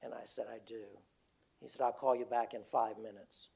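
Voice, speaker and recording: An older retired man telling a personal story to an audience, halting and repeating words as he quotes others. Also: medium pitch, flat delivery, vocal fry, mellow, breathy edge. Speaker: speaker. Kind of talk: storytelling talk.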